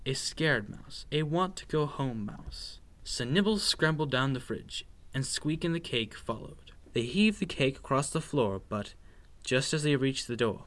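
A man reading a children's bedtime story aloud with expressive, sing-song narration. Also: mid-range voice.

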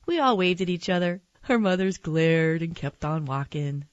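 A woman reading a children's picture book aloud in a gentle, expressive storytelling manner. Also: on the low side, normal speed, no room sound, dull audio. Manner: gentle, expressive read-aloud with character voices.

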